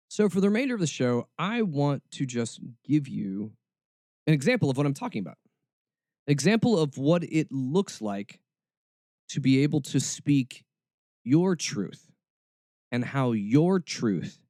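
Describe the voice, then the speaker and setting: Expressive male podcast host. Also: medium pitch, no echo, clean studio sound. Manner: expressive, emphatic, sarcastic asides. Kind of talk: podcast commentary.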